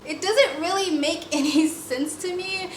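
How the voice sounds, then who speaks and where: A woman's voice: extremely high pitch, unhurried, a little hiss or hum. Woman, reaction host, blunt, sarcastic, swears freely, roomy sound. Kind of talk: casual commentary.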